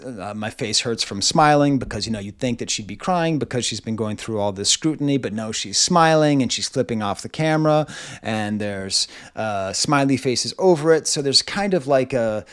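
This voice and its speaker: A man in his forties, recorded at home, reviewing an album in a loose, rambling way, often stopping and restarting his thoughts. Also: mid-range voice. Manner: rambling, self-interrupting, lots of "like". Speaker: music reviewer. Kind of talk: casual video album review.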